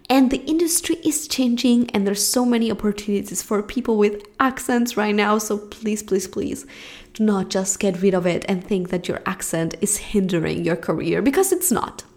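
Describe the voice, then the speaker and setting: Young accented woman, solo podcast host; warm-hearted coaching tone, earnest and animated. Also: medium pitch. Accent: non-American. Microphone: podcast mic.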